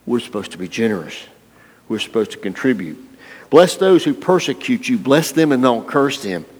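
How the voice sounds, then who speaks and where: In a husky, sing-song voice of medium pitch and moderate pace, a man preaches a playful, folksy sermon and names people in the pews. He's a pastor, and the church hall's long reverb fills the recording.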